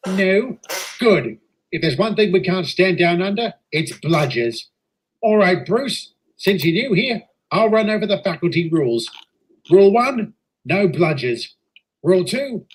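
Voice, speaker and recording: A boisterous Australian train engine, put on by a man, running a meeting with a rowdy, slangy bluster. His voice sits high and leaps wildly up and down as he chants and jeers. It is a broad, cartoonish comedy voice.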